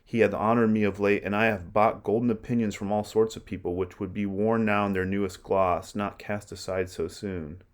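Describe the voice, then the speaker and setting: A man reading aloud as a torn, wavering nobleman, slow and measured. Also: lowish voice, fairly even intonation, lightly acted. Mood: hesitant.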